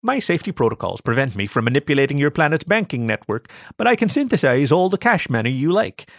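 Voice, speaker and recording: A prim, precise alien transmogrifier gun, as a man puts it on, talking in stiff polite machine phrasing and lifting a little higher than his plain voice. the recording is dry and close, with no room sound at all. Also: very animated, fast, dry recording. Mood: formal.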